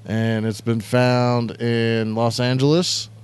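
A man's voice: medium pitch, flat delivery, slow pace, clean tone. A man hosting an internet radio show, chatting casually and crudely, rambling and reading out chat messages. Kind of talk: casual live-stream chat.

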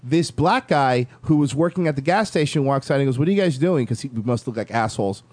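A man telling a story in casual chat, animated and swearing, acting out the lines of the people in it. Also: medium pitch, fairly quick, dry recording. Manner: animated, swearing, acts out quotes.

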